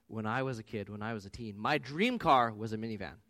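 A man's voice: on the low side, fast talker. A man in his thirties preaching a sermon in a conversational way, mixing in personal stories. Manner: animated, conversational with personal anecdotes. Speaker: pastor.

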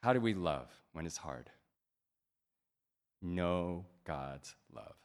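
A man in his thirties delivers a sermon in a spacious hall, his words trailing off into long reverb. His storytelling is animated and playful, with a lively, wide-ranging pitch. He moves between loud, excited stretches and quieter, softer ones. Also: takes it slowly. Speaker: pastor.

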